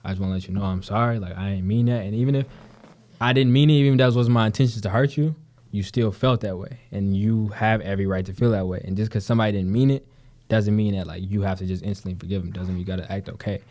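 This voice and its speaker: With a mellow voice on the low side, a steady tone and a quick pace, a young Detroit man tells stories in casual conversation. He's a guest and actor, and his talk is slangy, profane and packed with "you know what I'm saying."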